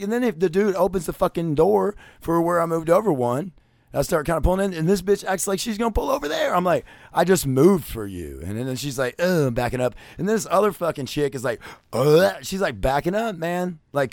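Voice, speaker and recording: A man telling a rambling, profane story, cursing constantly and padding his talk with "like" and "you know", swinging between loud ranting and low muttering. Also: dry recording, clean studio sound. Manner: crude, swears constantly, many fillers like "you know". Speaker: vlogger.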